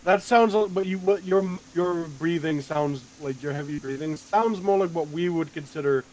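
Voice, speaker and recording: A male co-streamer with a somewhat high voice chimes in with relaxed, joking commentary. His remarks are teasing and loose, like banter between friends. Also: moderate pace, a little hiss or hum, rough recording. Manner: teasing, playful. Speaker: guest co-streamer.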